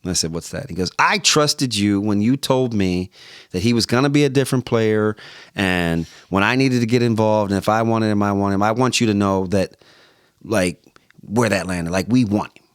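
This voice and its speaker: A man, a former football player appearing as a podcast guest, telling stories in a relaxed conversation. He acts out both sides of his phone calls and keeps saying "like" and starting over. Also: on the low side, normal speed, smooth, no echo, clean studio sound. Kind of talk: animated storytelling in conversation.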